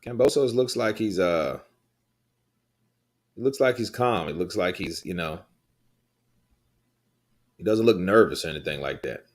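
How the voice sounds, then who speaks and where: A man hosts a live boxing stream, talking casually to his viewers. His voice sits very low and deep. He rambles, swears freely and answers the chat between thoughts. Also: animated, a little slow, pauses often. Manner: loose, rambling, swears, laughs often. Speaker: livestream host reading chat.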